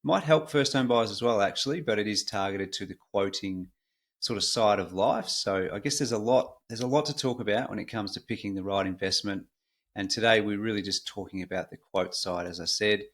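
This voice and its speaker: A man's voice: lowish voice, a little fast. Chatty Australian man hosting. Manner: relaxed, chatty, with frequent fillers. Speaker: podcast host. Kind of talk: casual conversational podcast.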